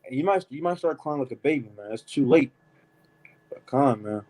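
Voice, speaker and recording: A man leading a casual, animated Bible study, reading verses and adding emphatic asides like "man" and "right?". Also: mid-range voice, brisk, rough recording. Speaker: Bible teacher. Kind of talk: street-style Bible study preaching.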